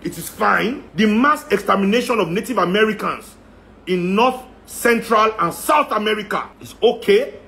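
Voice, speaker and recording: A man's voice: high-pitched, lively intonation, normal speed, creaky, bright, forceful tone. A man with a Nigerian accent giving an impassioned rant, firing off rhetorical questions. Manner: heated, rhetorical, repeating questions. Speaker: speaker in a talk.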